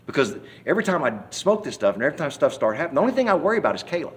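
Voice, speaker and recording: Talking very fast in a mid-range voice, a man relates his testimony as a church member during an interview. The story comes out folksy and rambling, with lots of restarts, while he animatedly acts out scenes and hollers the cries he quotes.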